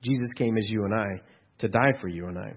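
A man's voice: on the low side, fast talker, husky. A male pastor giving a sermon in a conversational, storytelling way, asking his listeners rhetorical questions. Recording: dull lo-fi recording.

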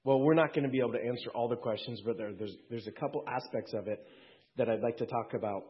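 A man preaching a sermon to his congregation in a conversational way, with quick asides and jokes. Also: mid-range voice, husky, highs cut off. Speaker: pastor.

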